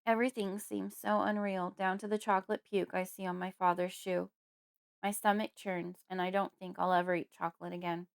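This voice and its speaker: A woman giving measured first-person narration of a horror audiobook. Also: mid-range voice, little pitch movement, gravelly, smooth. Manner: measured, storytelling.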